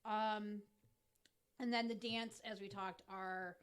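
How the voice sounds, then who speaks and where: A woman co-hosting a casual podcast chat, explaining things at length with many pauses and fillers. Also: medium pitch, steady tone, smooth. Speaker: podcast co-host.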